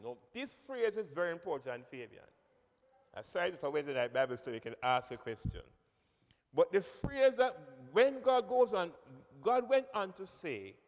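A man preaching a sermon, emphatic, repeating key phrases and calling on listeners by name. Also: high-pitched. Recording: long reverb of a hall.

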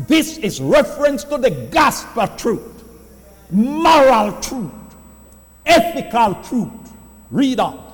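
Emphatic high-voiced man preaching in a hall. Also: sing-song. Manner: emphatic preaching with repeated words and slow stressed phrases. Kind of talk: sermon.

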